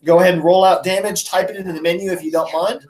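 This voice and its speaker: A man's voice: sits high, steady tone, quick pace, a little mellow, reverberant. A man acting as dungeon master, narrating combat and running the turns of a tabletop game. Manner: runs the table, counts out moves, narrates combat.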